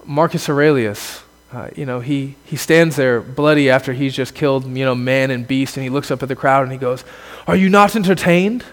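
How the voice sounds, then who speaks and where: A man preaching a sermon as a pastor, earnest, building to emphatic exclamations and then dropping low. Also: little pitch movement, fairly quick, few pauses, long reverb tail.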